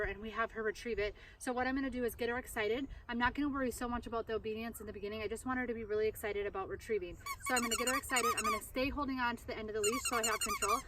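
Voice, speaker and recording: High-voiced woman training a dog outdoors. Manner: upbeat, coaxing commands to a dog between explanations. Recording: distant mic, loud outdoor noise.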